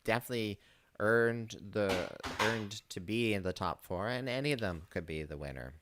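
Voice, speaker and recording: A man's voice: fairly low pitch, moderate pace. A man co-hosting a podcast in casual, playful chat. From Canada. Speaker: podcast co-host. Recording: noisy recording.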